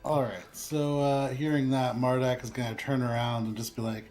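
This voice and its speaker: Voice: mid-range voice, level tone, fairly quick, few pauses, a little mellow, faint music behind. A player in a tabletop game, talking casually and joking with the table.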